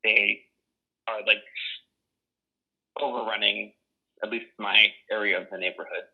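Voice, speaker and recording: A man's voice: fairly low pitch, fairly even intonation, unhurried, creaky, breathy edge. A young man from Boston telling personal stories in a blunt, profane way, full of casual fillers, heard over a tinny phone-like line. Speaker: oral history interviewee. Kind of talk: casual storytelling.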